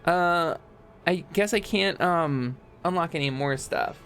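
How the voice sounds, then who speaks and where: A young woman streaming a video game, chatting casually with her viewers, joking around and yelling playful bits. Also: lowish voice, slow, faint music behind. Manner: animated, joking, shouts bits and laughs often.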